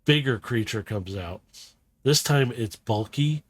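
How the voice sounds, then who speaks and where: A man narrating a tabletop role-playing game as game master, in slow, halting description with many fillers. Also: medium pitch, a bit bright.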